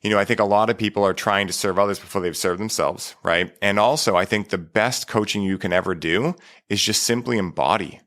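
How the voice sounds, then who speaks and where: Deep bright-toned podcast host, affirming. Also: male voice, brisk. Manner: affirming, peppers speech with "right?". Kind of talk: casual chat.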